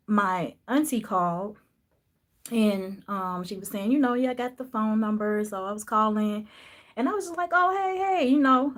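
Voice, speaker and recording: A woman telling a personal story in a soft, reflective voice, pausing often with fillers. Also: medium pitch. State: emotional, voice dropping low at times. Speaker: podcast host sharing a personal story.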